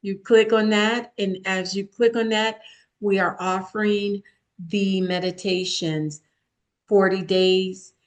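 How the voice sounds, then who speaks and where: A woman author and meditation guide, a podcast guest, talking in a soothing, reassuring, deliberate way. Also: mid-range voice, steady tone. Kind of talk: interview guest.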